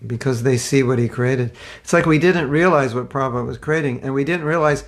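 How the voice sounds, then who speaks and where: A man's voice: mid-range voice, fairly quick, hardly any pauses. An American man giving an informal spiritual talk, conversational and rambling, with restarts and side remarks. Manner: conversational, repeats and restarts, asides. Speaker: spiritual teacher.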